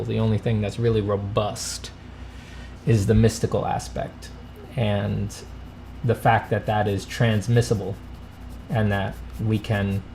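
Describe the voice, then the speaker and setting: Thanking donors and fielding viewer questions, this livestream host keeps things casual with a dry, self-deprecating wit while reading donations. His fairly low voice is creaky and darkish, with a little noise in the background.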